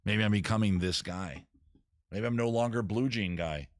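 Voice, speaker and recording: A man's voice: fairly low pitch, moderate pace, no echo, studio quality. A man hosting a casual music and drinking show, rambling through self-mocking jokes between songs. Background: guitar music.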